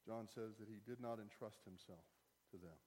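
A man's voice: lowish voice, moderate pace, darkish tone, breathy edge. A man preaching a sermon as pastor, conversational and wry, rising to emphatic bursts. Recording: long hall reverb.

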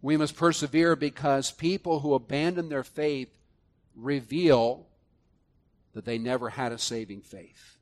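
A man delivers a sermon at a middle pitch. He drops into soft, low-voiced reflection, then rises to loud, emphatic preaching. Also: slow pace. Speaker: pastor.

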